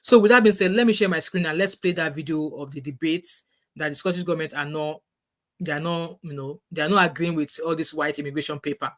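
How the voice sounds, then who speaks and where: Speaking quickly in a low, even tone, a middle-aged woman with a Nigerian English accent shares casual vlog advice. Her delivery is earnest and repetitive, full of restarts.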